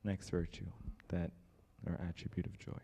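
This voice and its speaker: Young guy giving a church talk, deep mellow voice, acts out the story. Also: moderate pace, creaky, a little hiss or hum. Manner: lively storyteller who acts out the people in the story. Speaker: church speaker.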